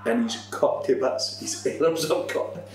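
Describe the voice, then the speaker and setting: A man, a former football manager, telling a swearing, animated anecdote in a casual podcast chat. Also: medium pitch, slow. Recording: echoey room, distant mic, faint hum.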